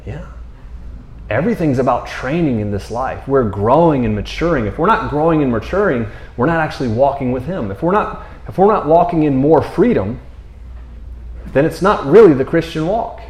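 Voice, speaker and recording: A man's voice: mid-range voice, animated, moderate pace, darkish tone. A man teaching from the Bible in an earnest, rambling conversational sermon, repeating words and often checking in with his listeners. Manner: earnest, rambling, repeats words, often asks "you know what I mean?". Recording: roomy echo.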